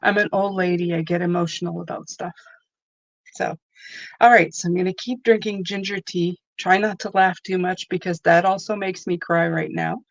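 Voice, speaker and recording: A woman's voice: fairly low pitch, steady tone, moderate pace, gravelly, dry recording, highs cut off. A woman hosting a tarot live stream, talking in a chatty, rambling way with lots of asides. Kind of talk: casual live-stream chat.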